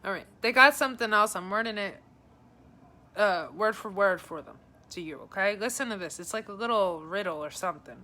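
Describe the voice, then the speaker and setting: A woman's voice: medium pitch, a little fast, pushed and bright. A woman giving a casual live psychic reading, chatting to viewers by name and passing on messages in a friendly, rambling way. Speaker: psychic advisor.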